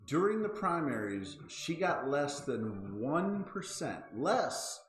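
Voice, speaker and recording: A man's voice: mid-range voice, very animated, slow, reverberant, rough recording. A man in his thirties hosting a casual chat show, ranting with lots of swearing and exasperation. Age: 30s. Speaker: podcast host.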